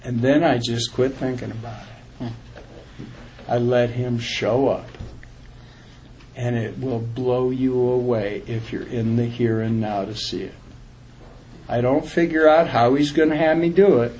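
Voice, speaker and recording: A man's voice: medium pitch, steady tone, a little slow, long pauses, darkish tone, a little hiss or hum. A man giving an earnest, plain-spoken recovery talk to a group, emphatic and direct. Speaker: recovery speaker.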